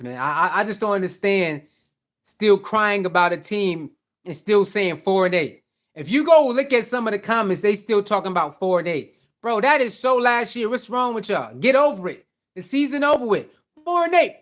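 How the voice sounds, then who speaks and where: A man doing casual live-stream sports commentary, reading chat and mocking critics in an animated, slangy, repetitive way. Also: high-pitched.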